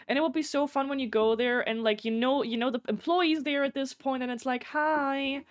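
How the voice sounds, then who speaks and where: A young woman with a fairly high voice chats on her live stream. She rambles through stories, restarts her sentences and swears freely, stopping to greet viewers by name. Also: a little fast. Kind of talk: casual live-stream chat.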